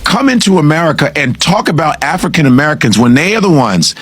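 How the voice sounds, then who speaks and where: A man with a husky voice, talking emphatically and profanely as an interview guest. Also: fairly high pitch, sing-song, quick pace, a bit bright, no room sound, soft background music. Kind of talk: casual interview talk.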